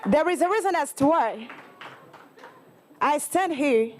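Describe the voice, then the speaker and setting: A young woman from Eastern Uganda with a Ugandan accent, giving an earnest, halting student campaign speech and often apologizing. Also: high-pitched, expressive, some chatter behind, a little hiss or hum. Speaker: student election candidate.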